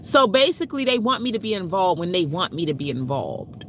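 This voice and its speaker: A woman's voice: fairly low pitch, big pitch swings, fairly quick, background noise. A middle-aged woman telling a frustrating story to her viewers in a chatty, exasperated way, talking straight to them as y'all. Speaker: vlogger. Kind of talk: casual storytelling vlog.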